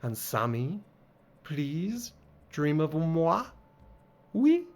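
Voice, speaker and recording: A man's voice: on the high side, very animated, extremely slow, exaggerated voice. A man voicing a flamboyant, flirtatious female jester who speaks with a put-on French accent and drops in French words. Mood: flirty mocking.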